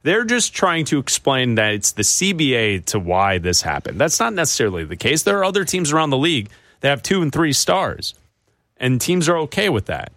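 A man's voice: medium pitch, very animated, a little fast, fairly bright tone, dry recording, clean studio sound. A man hosting a sports talk radio show, debating with his co-host and taking callers. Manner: conversational, takes callers.

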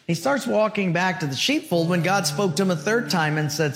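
A pastor tells a story in his sermon, earnest and animated, sinking his voice low and soft at the end of each point. His voice sits a touch high, and guitar music plays softly underneath. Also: moderate pace.

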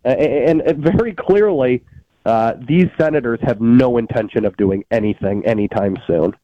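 A man's voice: mid-range voice, moderate pace, warm tone, dry recording. Emphatic man with lots of fillers, dull sound. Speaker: political commentator. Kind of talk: political talk show guest.

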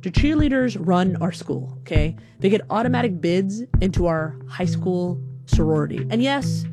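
A woman from Alabama telling a personal story in a lively, self-deprecating way, slipping into voices as she talks. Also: fairly low pitch, moderate pace, over loud music. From Huntsville, Alabama, USA.

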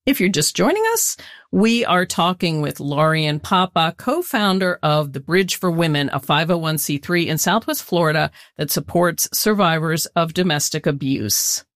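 A woman hosting a talk show interview, calm and measured. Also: low-pitched, dry recording, studio quality. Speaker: radio talk show host.

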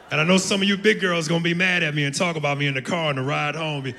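A man's voice: on the high side, steady tone, racing, vocal fry, few pauses, bright, forceful tone, slight background noise. A man comedian doing brash, crude crowd work on a club stage, teasing the audience. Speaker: stand-up comedian.

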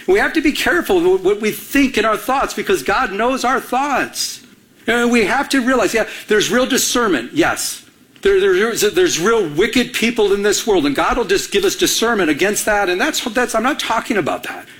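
Animated middle-aged preacher, higher voice. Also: male voice, poor audio. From Michigan. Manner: animated, acts out little dialogues, frequent restarts. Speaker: pastor. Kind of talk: sermon.

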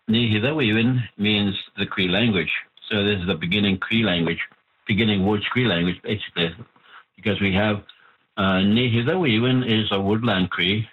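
A man being interviewed as the author of a language book, patiently explaining terms and often slowing down to spell them out. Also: on the low side. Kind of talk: interview answers over the phone. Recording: tinny phone line.

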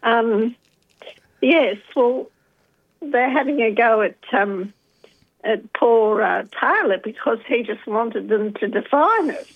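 A woman's voice: a little high, animated, takes it slowly. A woman calling in to a talk radio show, polite and thoughtful, hesitating with frequent ums. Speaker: radio caller. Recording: dull phone-line audio.

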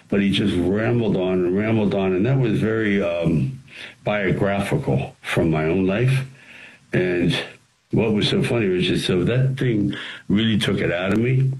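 A man, an actor and screenwriter, telling studio stories as an interview guest in an animated way, with frequent restarts. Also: on the low side, measured pace, poor audio. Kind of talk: anecdotal storytelling.

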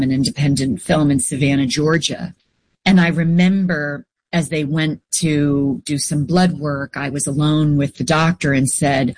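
A woman's voice: deep voice, a little mellow, dry recording. Reflective woman telling a story, dry sound. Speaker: guest. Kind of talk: interview storytelling.

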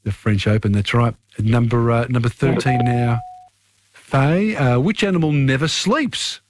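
A man's voice: mid-range voice, measured pace, slight background noise. A man hosting a talkback radio quiz, chatting with one caller after another.

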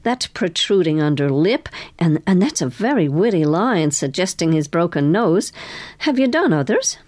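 A woman reading aloud, voicing a curious older lady who speaks in an admiring, lively way. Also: lowish voice, normal speed, dry recording, studio quality. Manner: warm, admiring.

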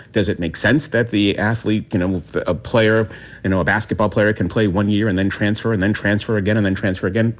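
A man with a fairly low voice talks sports in a radio interview. He is opinionated and animated, speeding up in quick bursts as he makes his points. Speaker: sports commentator.

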